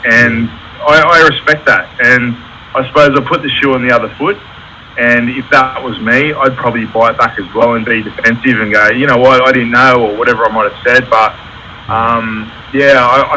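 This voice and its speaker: In a low-quality recording with slight background noise, a man with a medium-pitched, sharp voice speaks as an electrical contractor. He candidly recounts stories about his business in a casual interview, acting out quotes.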